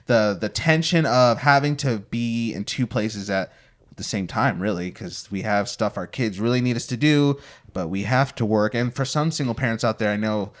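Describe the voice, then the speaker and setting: A man's voice: fairly low pitch, normal speed. A young man hosting a podcast, chatty and playful as he sets up hypothetical scenarios. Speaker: podcast host. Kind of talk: casual podcast chat.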